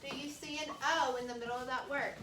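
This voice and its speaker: A woman teacher leading a classroom phonics lesson, slowly sounding out words for young students. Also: high-pitched, steady tone. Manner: slow, deliberate sounding out of words. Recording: roomy classroom audio from a distance with noise.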